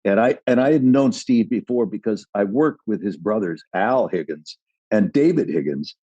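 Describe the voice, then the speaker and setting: Man, podcast guest, warm mellow tone, husky, dry close sound, lively storyteller. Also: lowish voice, moderate pace, no room sound, highs cut off. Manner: animated storyteller, acts out other voices. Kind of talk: casual storytelling chat.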